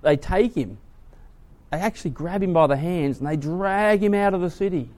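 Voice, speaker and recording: A man preaching a sermon, retelling a story dramatically, swinging from hushed to loud. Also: high voice, moderate pace.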